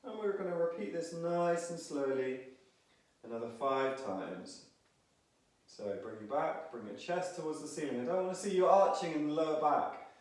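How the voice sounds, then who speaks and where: A man's voice: a little high, moderate pace, distant mic. Man leading a breathing class, echoey room. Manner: calm, instructive, counting and cueing each movement. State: slightly out of breath. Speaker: movement instructor. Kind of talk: guided movement and breathing class.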